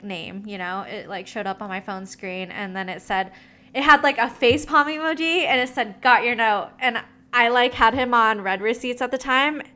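Bright-voiced young woman telling gossip. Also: medium pitch, smooth. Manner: gossipy, swearing, many fillers. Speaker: storyteller. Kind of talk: casual chat.

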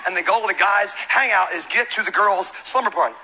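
A pastor from the American South who preaches his sermon as lively, high-energy comic storytelling. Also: fast talker, noisy background.

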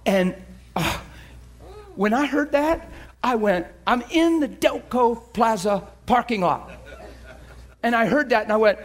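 A man preaching a sermon, telling a story with animated energy that swings from hushed to shouting. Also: very high voice, measured pace. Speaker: pastor.

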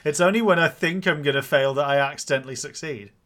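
Man with a slightly high voice on a podcast. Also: fast, fairly bright tone. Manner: mock radio-announcer delivery. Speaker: podcast co-host. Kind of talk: casual podcast chat.

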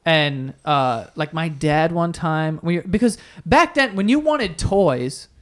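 A man's voice: fairly high pitch, expressive, slow pace, a bit bright. A man co-hosting a podcast, chatting casually, joking and swearing a lot. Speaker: podcast co-host. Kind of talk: casual chat.

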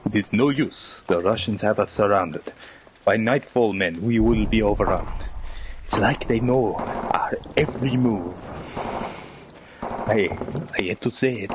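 A man plays a stiff officer, formal and suspicious. The voice sits somewhat low, and there is steady noise behind it. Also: lightly acted.

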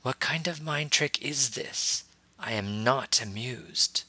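A man voicing a stern, disciplined alien woman warrior master, speaking in a measured, cold way. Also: medium pitch, sharp tone, husky, dry recording, voice pushed up, full character voice. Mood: icy.

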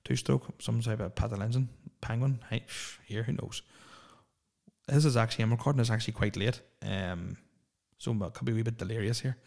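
A man's voice: medium pitch, a little fast, gravelly, a little mellow. A man, hosting a solo podcast and ranting in a profane, opinionated, rambling way. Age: 30s. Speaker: podcast host.

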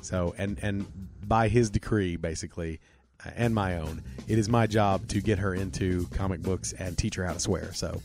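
A man's voice: sits low, fairly even intonation, normal speed, over music. A man co-hosting a podcast in casual chat, joking and swearing freely. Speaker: podcast co-host.

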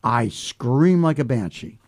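A man's voice: mid-range voice, lively intonation, slow. An American man talking casually with friends, laughing often and restarting with many fillers. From United States. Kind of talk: casual chat.

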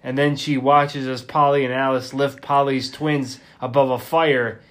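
A man's voice: medium pitch, level tone, a little slow, fairly bright tone. A man chatting casually as a podcast co-host, laid-back, summing up the plot between short agreeing replies. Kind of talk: casual chat recapping a TV episode.

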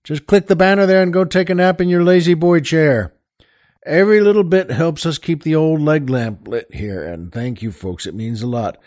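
Folksy male host with a higher voice. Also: moderate pace, darkish tone. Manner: folksy, rambling with many fillers. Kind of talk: casual joke telling.

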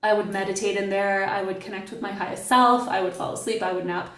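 A woman's voice: mid-range voice, fairly even intonation, fast, a bit bright. Middle-aged woman, chatty guest, playful storyteller, roomy off-mic sound. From Canada. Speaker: podcast guest. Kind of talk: casual podcast conversation. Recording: echoey and distant from the mic.

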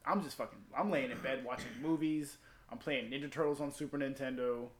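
A man's voice: medium pitch, brisk, reverberant. A former Marine telling a story in casual, profane chat and acting out the people he quotes.

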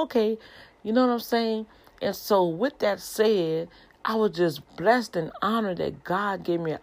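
Low-voiced woman preaching casually. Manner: conversational, animated, addresses listeners as y'all. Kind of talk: informal preaching broadcast.

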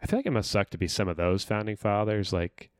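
A young comedian from California co-hosting a podcast, joking and reacting quickly in casual chat. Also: male voice, on the low side, lively intonation, clean tone, no room sound, studio quality.

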